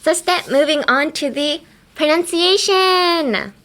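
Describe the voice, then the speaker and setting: A woman's voice: high-pitched, unhurried, a bit bright. Playful woman teaching pronunciation. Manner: playful, laughs often, explains with silly examples. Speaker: podcast host teaching English pronunciation. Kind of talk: casual teaching chat.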